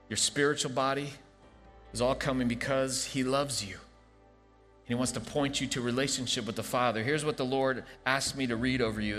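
A male pastor leading an altar call and praying scripture over a congregation, moving from soft, hushed invitation to fervent proclamation. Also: mid-range voice. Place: church sanctuary. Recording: large hall reverb with soft music behind.

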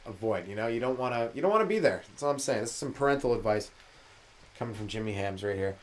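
A man, a stand-up comedian rambling through a solo comedy podcast and jumping into loud voices for the people he quotes. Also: fairly low pitch, lively intonation, fast talker. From Canada.

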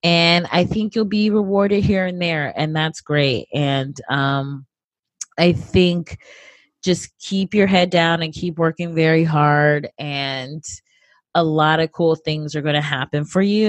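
A woman's voice: low voice, unhurried, no room sound. A woman in her thirties, a comedian guest, talking casually and animatedly with plenty of fillers. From United States. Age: 30s. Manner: animated, upbeat, lots of fillers. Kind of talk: casual interview chat.

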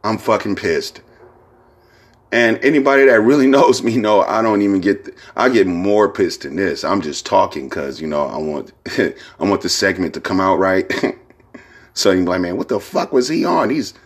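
This solo podcast monologue comes from a male host with a low voice and a moderate pace. He wanders casually through his talk, sprinkling in slang, profanity and plenty of "you know what I'm saying."

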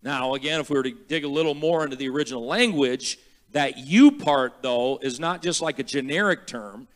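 A man preaching as a guest pastor, emphatic and repetitive, slowing down to spell out words and building to loud praise. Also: medium pitch. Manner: repeats words slowly for teaching. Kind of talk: sermon.

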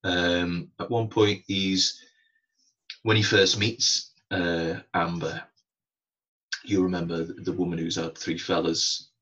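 A man's voice: low-pitched, little pitch movement, takes it slowly, sharp tone, low-quality recording. A man co-hosting a podcast, chatting casually and rambling about a film. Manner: rambling, chatty, laughs often. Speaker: podcast co-host.

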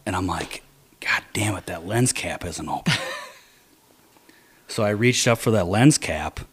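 A man telling a hunting story in casual chat, animated, dropping to low mutters to quote his own thoughts. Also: slow, pauses often, slightly rough.

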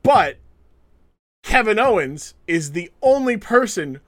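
This man's voice sits high, and he takes it slowly. As a podcast co-host in a casual chat, he tells lively stories and dramatizes the people he quotes.

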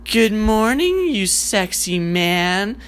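A man doing a slow, flirty alarm clock woman. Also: high-pitched, very animated, a bit bright, exaggerated voice. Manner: slow, teasing, drawn out.

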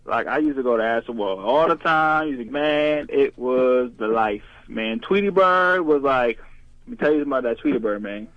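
A man voicing a laid-back young caller in a comedy radio sketch, slangy and drawling, with a pitch that swoops when he gets excited. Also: normal speed, no room sound, highs cut off, lightly acted. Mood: rambling.

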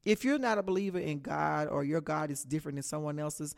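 A woman's voice: low voice, brisk, gravelly. A woman from Texas with a Texan accent, hosting a solo radio talk show as an upbeat pep talk, saying "y'all" and "baby".

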